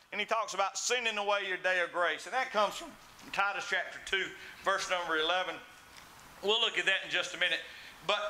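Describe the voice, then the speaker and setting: A man preaches with a high, ringing voice that is very bright and edgy. He tells stories in his sermon and acts out the people in them. A faint hiss sits under the church recording. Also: rough recording. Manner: storytelling preacher, acts out quoted voices with big swings. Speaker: pastor.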